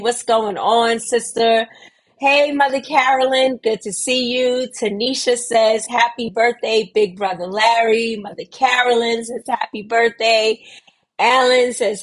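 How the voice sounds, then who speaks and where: A middle-aged woman, hosting a casual community livestream, speaking warmly and reading viewers' comments aloud with drawn-out emphasis. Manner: warm, affectionate, reads viewer comments aloud; slow, drawn-out emphasis with lively pitch lifts. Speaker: host of a weekly community livestream.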